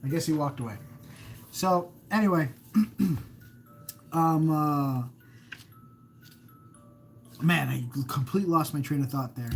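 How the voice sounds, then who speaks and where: A man's voice: on the high side, slow, pauses often. A man hosting a casual live stream of creepy stories, rambling, breaking off mid-sentence and reading viewer comments aloud. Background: faint background music.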